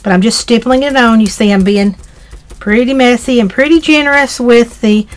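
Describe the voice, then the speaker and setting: A middle-aged woman with a Southern accent talks through a craft tutorial in a casual, rambling way. Her voice sits a little high, and she fills her explanations with ums and restarts. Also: normal speed. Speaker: craft demonstrator.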